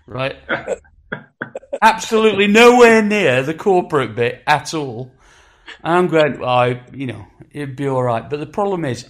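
A man in his sixties with a Sheffield accent, telling stories in a casual chat with lively acted-out quotes and frequent restarts. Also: on the high side. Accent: Sheffield English. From England. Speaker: musician guest.

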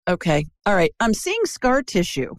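A woman's voice: medium pitch, huge pitch swings, normal speed, no room sound, studio quality. A woman from Ohio hosting a call-in show, chatty and digressive, talking to a caller. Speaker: intuitive show host. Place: Birmingham.

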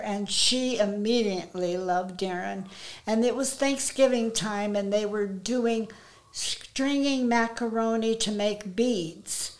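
A woman's voice: mid-range voice, darkish tone, low-quality recording. An older woman recalls family memories in a loose, rambling way. She often restarts her sentences and speaks tenderly. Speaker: guest, host's mother. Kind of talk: casual storytelling.

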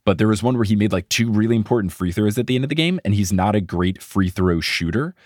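Male podcast co-host, deep voice, dry close mic, casual chat, laughs a lot. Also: fast, dry recording. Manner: laughs often, animated storytelling.

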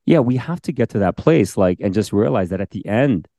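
Excitable man with a low voice. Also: fairly quick, no room sound, clean studio sound. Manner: animated, excitable, exhorting the audience. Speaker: podcast co-host. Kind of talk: casual faith podcast chat.

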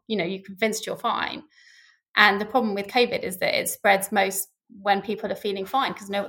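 Middle-aged woman, expert guest; creaky, candid, animated delivery. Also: mid-range voice. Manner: candid, animated, laughs easily. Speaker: scientist guest. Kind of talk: casual explanatory conversation.

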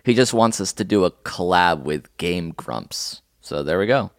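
Low, gravelly man hosting a podcast. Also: lively intonation, unhurried, dry recording, clean studio sound. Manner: playful, goofy, riffing. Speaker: podcast co-host. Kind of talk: casual chat. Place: home, remote video call.

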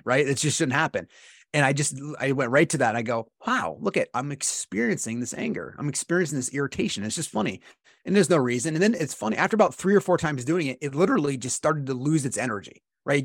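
A man co-hosting a podcast, explaining meditation in a relaxed conversational way, often checking in with "right?" and acting out his inner dialogue. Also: medium pitch, no echo, studio quality. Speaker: podcast co-host teaching meditation. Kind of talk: casual explanatory podcast talk.

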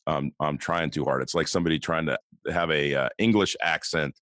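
A man's voice: a bass voice, fairly even intonation, fairly quick, fairly bright tone, no room sound, studio quality. A man with a West Coast American accent, co-hosting a podcast in casual chat and often asking rhetorical questions. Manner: conversational, asks rhetorical questions. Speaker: podcast co-host.

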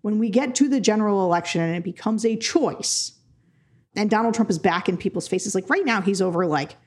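A woman's voice: medium pitch, fairly quick, a little mellow, slightly rough. A woman co-hosting a political podcast, talking in a rambling, earnest way with many "like" fillers. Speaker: podcast co-host. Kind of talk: casual political chat.

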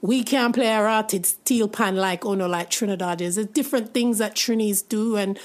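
Expressive Jamaican-accented woman host. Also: medium pitch, normal speed. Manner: expressive, acting out quoted speech. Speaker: podcast host. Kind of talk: casual chat.

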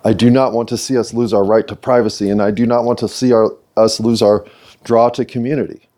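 A man's voice: lowish voice, steady tone, fairly quick, warm tone. A middle-aged American man hosting his own video series, talking earnestly to the camera with playful asides. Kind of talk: reflective monologue to camera.

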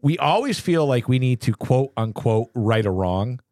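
A man's voice: medium pitch, animated, normal speed, mellow, no echo, clean studio sound. A man hosting a casual podcast from a cluttered home office. He rants in frustration and fires off rhetorical questions. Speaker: podcast host. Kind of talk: casual opinionated chat.

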